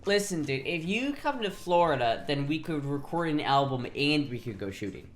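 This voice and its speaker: A man's voice: fairly high pitch, animated, normal speed. A man co-hosting a casual podcast from his home, rambling, swearing freely and laughing often. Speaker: podcast co-host. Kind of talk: casual chat over a call. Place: home in Florida.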